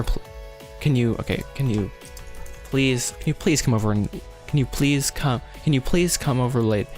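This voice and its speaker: A man's voice: medium pitch, normal speed, darkish tone. Brief: man, mid-range voice, loose livestream chatter, self-interrupting with frequent chuckles, faint music underneath. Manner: rambling, self-interrupting, laughs often. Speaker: animation filmmaker livestreaming his script writing. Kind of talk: casual livestream chat.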